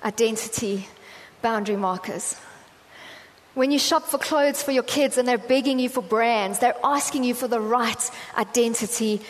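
In a church hall, a woman preaches a conversational sermon, telling stories in a chatty, self-deprecating way full of fillers. Her voice is on the high side and her speed normal, with long hall reverb and faint ambient sound around her.

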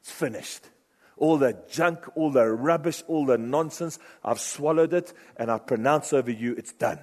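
A man preaching a sermon with passion, shifting from loud urgent bursts to hushed, low phrases. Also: normal speed. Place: church hall. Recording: long reverb of a large hall.

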